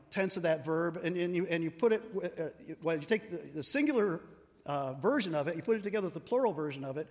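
Man preacher with a high voice, expository sermon, rhetorical questions, heard in a reverberant hall. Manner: explains word meanings with rhetorical questions.

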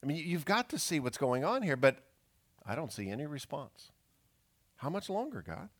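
A male pastor delivering a sermon. His voice rises and falls in a lively way as he reads scripture and dramatizes its cries for justice. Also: on the high side, moderate pace. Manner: expressive preaching, acting out pleading questions.

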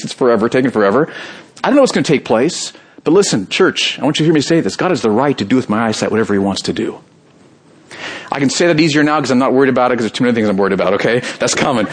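A middle-aged pastor preaching to his church in a husky, slightly breathy voice. He talks earnestly, climbing high and emphatic on key points, then sinking quiet and low when he voices a prayer. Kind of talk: sermon.

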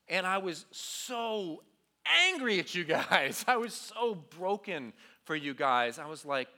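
A young man youth pastor delivers a sermon to junior high students, acting out his story with animated energy. His voice sits high and bright. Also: slow. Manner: animated storytelling, acts out quotes.

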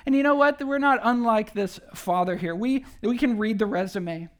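A pastor preaching a sermon to a church in a conversational, animated way, often asking rhetorical questions. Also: mid-range voice, normal speed. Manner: animated, acts out quoted speech.

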